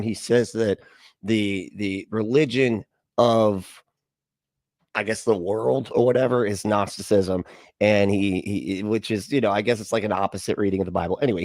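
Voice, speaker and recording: A man's voice: lowish voice, darkish tone, no room sound, studio quality. A male host giving casual, wry reaction commentary with rambling asides. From lives in Florida.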